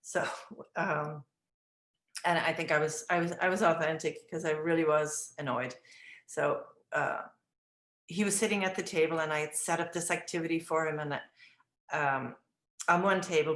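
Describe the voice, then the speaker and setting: Older lady teacher telling stories, does the kids' voices up high, low voice, roomy echo. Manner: acts out dialogue in lively high voices. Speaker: early childhood educator. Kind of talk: recounting classroom stories. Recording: echoey room.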